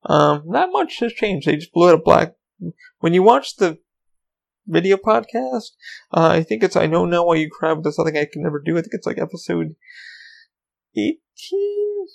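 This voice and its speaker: A man's voice: high-pitched, very animated, moderate pace, vocal fry. A man in his thirties hosting a podcast on his own, talking in a rambling, profane, casual way. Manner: rambling, profane, self-interrupting. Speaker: podcast host. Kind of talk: casual solo podcast chat.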